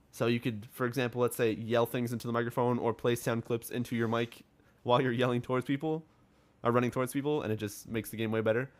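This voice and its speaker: A man co-hosting a casual gaming podcast, rambling and profane, loose and filler-heavy. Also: mid-range voice. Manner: rambling, laid-back, profane, lots of filler words. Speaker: podcast co-host.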